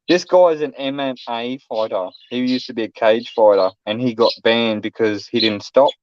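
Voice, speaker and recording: A man's voice: medium pitch, moderate pace, hardly any pauses, no room sound. Blunt Australian man, dull dry sound. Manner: blunt, swearing, acts out quotes loudly. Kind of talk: casual chat, storytelling.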